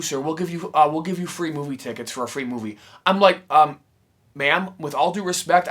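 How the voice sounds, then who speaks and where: A man's voice: a little high, a bit bright. A man hosting his own channel, telling a story to camera in casual talk, swearing freely and acting out the people he quotes. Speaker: YouTube channel host answering viewer questions.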